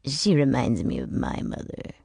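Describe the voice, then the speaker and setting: A woman doing a genial, gravelly male boss. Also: a bass voice, wildly swooping pitch, normal speed, dry recording, studio quality, exaggerated voice. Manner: warm and easygoing. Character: genial middle-aged male boss, acting mayor.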